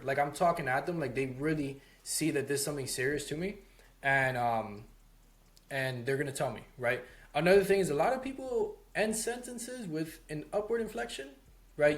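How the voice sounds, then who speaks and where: A man's voice: fairly high pitch, animated, normal speed. A young man in his home office giving a casual lesson on sales calls, talking loosely with lots of "like" and "right?". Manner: loose, conversational, heavy on "like" and "right?". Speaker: sales course instructor.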